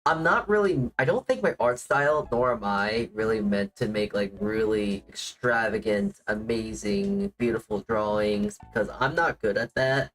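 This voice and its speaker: A man's voice: medium pitch, expressive, normal speed, hardly any pauses, fairly bright tone, rough recording. Rambling man chatting on a livestream. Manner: rambling, heavy on "like" fillers, self-deprecating. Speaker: VTuber streamer. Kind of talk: casual livestream chat. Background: faint music playing.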